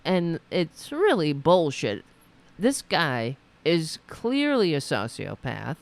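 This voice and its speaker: Reacting to clips on her political commentary livestream, a woman is indignant, sarcastic, and liberally profane. Her voice is creaky and very animated, swooping widely in pitch while she keeps an unhurried, deliberate pace.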